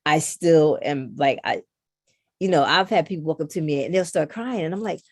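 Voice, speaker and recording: A woman's voice: sits low, normal speed, no room sound, clean studio sound. A middle-aged woman, a guest on a knitting podcast, chatting casually and acting out what others said to her. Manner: animated storyteller who acts out others' lines. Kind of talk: casual conversation.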